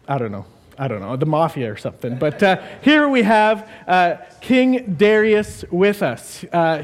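A male pastor giving a casual, jokey sermon, rambling with many fillers. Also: sits high.

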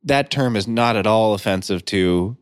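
Male podcast co-host, lowish voice, dry close recording, chatty and teasing. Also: moderate pace, clear, resonant tone, no room sound. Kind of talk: casual chat.

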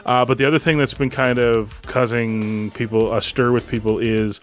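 A man's voice: medium pitch, flat delivery, moderate pace. Chatty guy cohosting a podcast, wry, laughs a lot, faint music under it. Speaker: podcast co-host. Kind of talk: casual chat.

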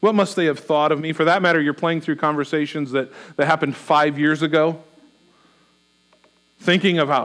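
A middle-aged male pastor with a noticeably high voice delivers a sermon. He speaks earnestly and voices anxious rhetorical questions as though thinking them aloud. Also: steady tone, normal speed, a bit bright.

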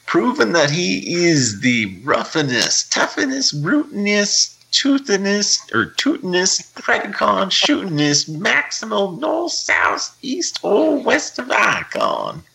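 A Canadian man voicing a boastful, rough Southern cowboy news correspondent in a put-on generic Southern American accent, drawling and sing-song. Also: high voice, huge pitch swings, slow, hardly any pauses, sharp tone, voice pushed up, heavily acted, rough recording.

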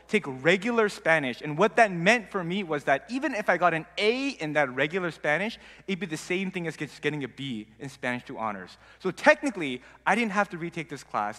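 A young man telling a casual personal story, animated and acting out the people in it. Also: on the high side. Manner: animated, acts out quoted dialogue. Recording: long reverb.

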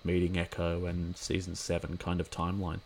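A man's voice: low voice, completely flat delivery, a little fast, a little mellow, slight background noise. A man giving a casual watch-along commentary of an episode, chatty and rambling with lots of filler words.

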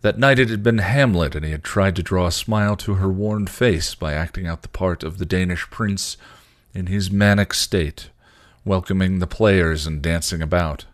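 Deep-voiced man narrating a story. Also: moderate pace, dry recording, clean studio sound. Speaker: podcast host. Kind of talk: reading fan fiction aloud.

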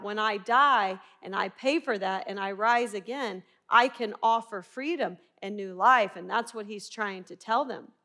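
A woman's voice: medium pitch, a bit bright. A middle-aged woman from Arkansas with a Southern twang, teaching the Bible earnestly and emphatically, often asking her listeners rhetorical questions. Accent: Southern American twang. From Arkansas, USA.

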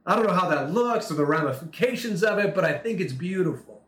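A man's voice: high voice, animated, quick pace, hardly any pauses, a bit bright, roomy sound. A man preaching a sermon, telling a story with earnest emphasis and acted-out dialogue. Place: Turkey.

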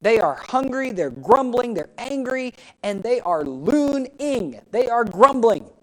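A woman pastor preaching a sermon, rising in pitch and volume for emphasis and asking the congregation questions. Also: big pitch swings, slow, darkish tone, rough recording. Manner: speaks directly to the congregation with questions.

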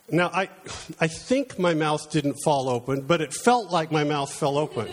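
A middle-aged man delivers a conversational sermon, slipping into personal stories with a chatty, self-deprecating manner. His voice sits a little higher than most men's, and he talks like he's chatting across a table rather than preaching from a pulpit. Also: moderate pace.

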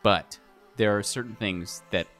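A man co-hosting a casual chat show who reacts with quick wit and loud disbelief. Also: on the low side, loud music behind the voice. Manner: quick-witted, incredulous outbursts. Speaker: podcast co-host.

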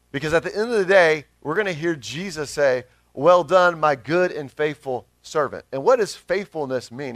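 A man's voice: on the high side, dry recording. A man in his thirties, a pastor giving an earnest, conversational sermon with rising emphasis.

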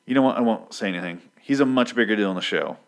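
A man's voice: on the low side, fast. A man casually recapping a comic book, sarcastic, rambling and swearing freely.

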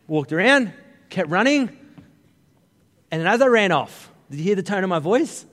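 A middle-aged Australian man preaching a sermon, telling funny stories with lively, joking asides to the congregation. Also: sits high, fairly quick. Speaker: pastor. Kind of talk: humorous storytelling sermon. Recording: long reverb of a large hall.

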